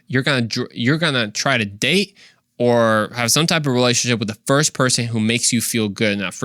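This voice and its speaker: A man hosting a solo Christian podcast in an earnest, chatty voice of ordinary pitch. He poses rhetorical questions and talks casually. The recording is close and dry. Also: a bit bright, no echo.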